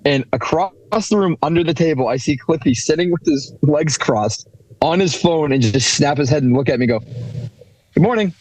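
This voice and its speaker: A man's voice: a little high, a little fast, a little mellow, poor audio. A young man on a podcast, telling a funny story with frequent laughs. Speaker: podcast co-host. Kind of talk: casual storytelling chat.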